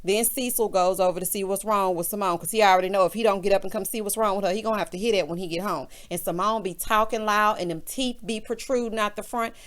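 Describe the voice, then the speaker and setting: A woman's voice: medium pitch, quick pace, few pauses. A woman recapping a reality show in casual commentary, sassy and gossipy, talking straight to her viewers. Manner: sassy, gossipy, speaks to the audience directly.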